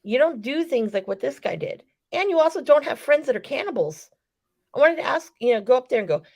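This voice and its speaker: Animated, foul-mouthed woman telling a story. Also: sits high, brisk. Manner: animated, profane storytelling with acted-out quotes. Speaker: wrestling podcast co-host. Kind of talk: casual podcast chat.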